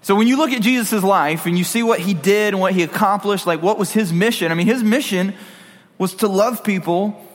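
A man with a high voice gives a relaxed, conversational sermon, tossing in jokes and asking his listeners questions. His voice rings out with the long reverb of a hall. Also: a little fast. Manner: conversational, jokey asides to the audience. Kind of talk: casual sermon.

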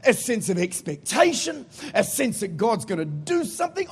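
A man preaches in a church with a rousing, energetic delivery. His voice sits high for a man. It carries a husky, breathy grain. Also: moderate pace, few pauses. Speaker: guest preacher. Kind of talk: sermon.

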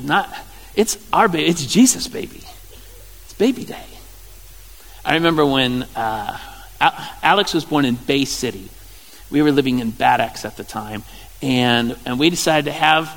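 A playful Midwestern pastor in his fifties preaches with a fairly high, gravelly voice. He jokes his way through the sermon and bursts into loud exclamations. His voice rings with the long reverb of a church hall. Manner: playful, jokey storytelling with sudden loud exclamations.

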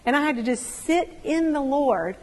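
Woman speaker, animated testimony, slightly high voice, echoing hall. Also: normal speed. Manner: animated storytelling, acts out quotes. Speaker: women's ministry speaker. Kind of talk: personal testimony sermon.

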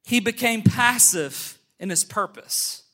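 A man preaching a sermon, emphatic, calling the congregation to look at him and say amen, slowing on key phrases and speeding through asides. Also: sits high, expressive, pushed and bright. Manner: emphatic, calls for amens and attention; shifts between brisk asides and slow stressed phrases. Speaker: pastor.

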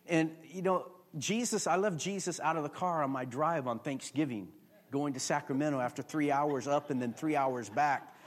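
A man pastor preaching a sermon to a congregation, chatty and conversational, building to loud emphatic peaks. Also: on the high side, moderate pace. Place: church before a congregation.

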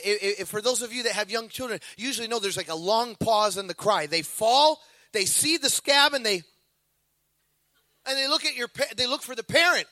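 A man's voice: very high voice, no echo. A man preaching a sermon, telling stories animatedly and acting out voices. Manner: animated storytelling with acted voices.

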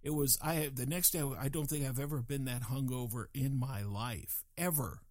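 Speaking at a moderate pace in a mid-range, slightly mellow voice, this older man from Colorado, USA, recounts a casual, meandering story that pokes fun at himself while acting out other people's voices. It's a dry, clean studio recording.

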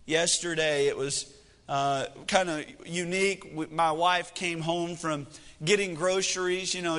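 A man's voice: fairly high pitch, a bit bright. A man in his thirties preaching a sermon, telling a family story in a folksy, joking, self-deprecating way. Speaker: pastor. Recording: echoey hall reverb.

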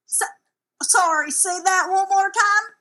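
A woman improvising a comedy scene as a crew translator, rambling and excitable in her storytelling. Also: extremely high pitch, slow pace, rough recording.

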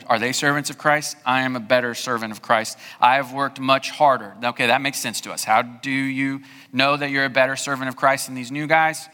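A man's voice: medium pitch, steady tone, brisk, hardly any pauses, bright, forceful tone, smooth, in a large hall. A male pastor preaching a sermon, talking conversationally and checking in with rhetorical questions.

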